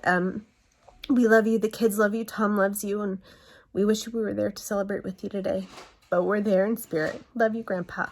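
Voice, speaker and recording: A woman in her thirties recording a heartfelt birthday message for her grandfather, halting, with many pauses and restarts. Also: medium pitch, flat delivery.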